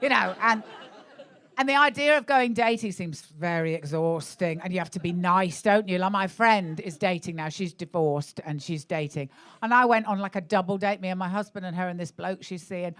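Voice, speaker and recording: A woman's voice: lowish voice, normal speed, a bit bright. A middle-aged woman doing live stand-up in a comedy club, blunt and sweary, teasing audience members about their relationships. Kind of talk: live stand-up crowd work.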